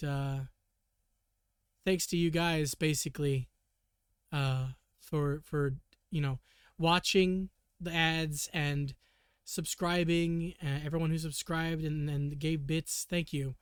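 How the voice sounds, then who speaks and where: A man streaming live in casual, rambling chat, swearing loosely and often clearing a sore throat. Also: fairly high pitch, no room sound, studio quality.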